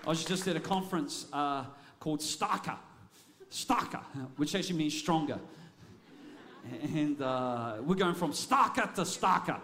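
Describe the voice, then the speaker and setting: A man preaching a sermon as a pastor, energetic and often repeating words as he restarts his phrases. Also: on the high side, moderate pace, a little hiss or hum.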